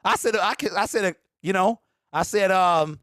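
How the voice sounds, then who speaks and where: A man in his forties hosting a casual sports fan show, reading viewer comments aloud, animated and quick to laugh as he talks straight to his audience. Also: sits high, clean tone, dry recording, studio quality. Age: 40s.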